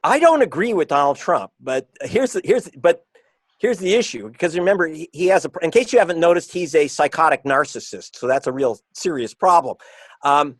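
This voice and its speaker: Man, author guest, emphatic and combative, slows down to stress points, dry sound. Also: on the high side, lively intonation, no room sound. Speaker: author and investigative reporter. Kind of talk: interview guest.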